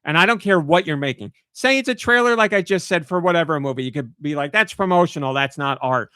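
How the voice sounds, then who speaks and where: Podcast host guy, slightly high voice, animated ranting storyteller. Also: fast, clean tone, no room sound, clean studio sound. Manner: animated storytelling, acts out his own outbursts. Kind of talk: casual podcast chat.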